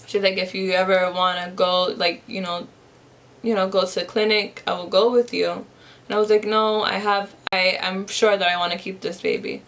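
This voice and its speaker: A young woman chats to her camera at home with a gravelly, fry-edged voice. She tells a story while doing her makeup, rambling, circling back and restarting her sentences. Her pitch sits in the ordinary middle for a woman. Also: little pitch movement, normal speed, a bit bright. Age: young adult. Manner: rambling, many fillers and restarts. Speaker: vlogger.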